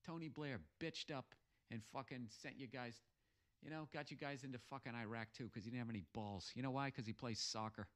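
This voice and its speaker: A man's voice: medium pitch, fairly even intonation, a little fast, fairly bright tone. An American man hosting a podcast, ranting sarcastically and swearing heavily while reading out listener messages. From United States. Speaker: podcast host. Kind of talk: profane comic rant reading listener messages.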